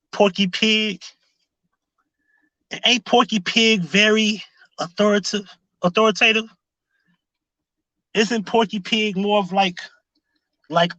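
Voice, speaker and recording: A man's voice: high-pitched, sharp tone, dry recording, dull audio. A man hosting a casual live stream, firing off sarcastic rhetorical questions and greeting viewers in the chat. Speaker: livestream commentary host.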